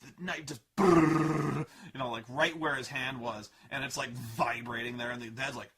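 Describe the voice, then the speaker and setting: Exasperated, sharp-voiced man ranting. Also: mid-range voice, steady tone, fairly quick, breathy edge. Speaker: vlogger reviewing a film. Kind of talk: ranting film review.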